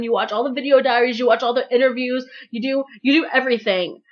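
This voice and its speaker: Woman, fairly high voice, casual rambling vlog, gushing, dull lo-fi sound. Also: quick pace, hardly any pauses. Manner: rambling and gushing, acts out her own thoughts. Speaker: vlogger. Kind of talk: casual monologue to camera.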